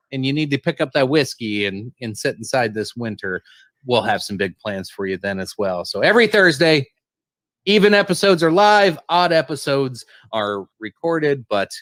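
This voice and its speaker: A man hosting a podcast, wrapping up in a loose, halting way with casual swearing. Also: medium pitch, a bit bright, no echo, studio quality. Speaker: podcast host.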